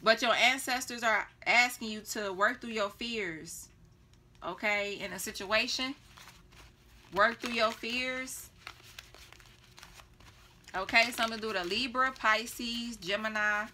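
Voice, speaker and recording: A woman's voice: on the high side, measured pace, long pauses, sharp tone, slight background noise. A woman giving a casual tarot reading, chatty and blunt, laughing often and swearing freely. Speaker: tarot reader.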